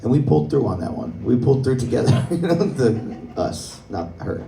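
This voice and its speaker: A man's voice: medium pitch, animated, brisk, gravelly, dark tone, a little hiss or hum. A young man doing a stand-up comedy set on a club stage, telling stories conversationally and laughing at his own jokes. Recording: roomy club sound, mic from a distance.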